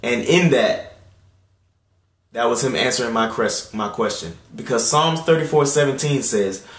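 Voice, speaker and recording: A man in his late twenties giving an earnest personal faith testimony at home. He moves between hushed, tearful passages and loud, excited ones. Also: mid-range voice, a little slow, reverberant. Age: late 20s. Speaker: Christian video host. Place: indoor room at home.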